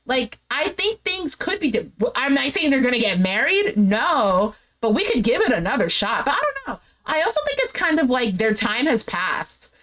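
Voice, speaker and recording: Chatty opinionated woman, slightly high voice. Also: a bit bright. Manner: chatty and opinionated, heavy slang, frequent "like" fillers. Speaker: recap vlogger. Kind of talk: casual reality-show recap commentary.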